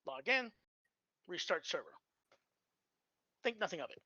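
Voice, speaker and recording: A streamer telling old clan anecdotes in a casual, halting way, with fillers and restarts. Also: medium pitch, very animated, sharp tone, no room sound, highs cut off. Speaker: storyteller on a live stream.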